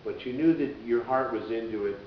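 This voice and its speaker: A man, a radio DJ and musician, telling stories in a rambling, casual way as an interview guest. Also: a little fast. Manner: rambling, acts out voices in quotes. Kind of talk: casual conversational storytelling. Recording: echoey, dull, distant with low rumble.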